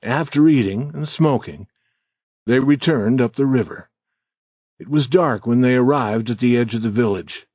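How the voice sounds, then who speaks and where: A man narrating an audiobook story for English learners in a slow, clear, deliberate reading. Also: mid-range voice, no echo, lo-fi sound.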